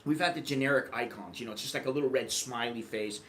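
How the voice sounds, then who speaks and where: A man from the United States telling rambling, animated anecdotes in a casual vlog monologue. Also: mid-range voice, fast, a little hiss or hum. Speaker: vlogger.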